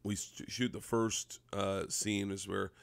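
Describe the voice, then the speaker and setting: Lowish man telling a story. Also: takes it slowly, creaky, no room sound. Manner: animated anecdote-telling with acted-out quotes. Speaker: guest comedian. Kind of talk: casual storytelling chat.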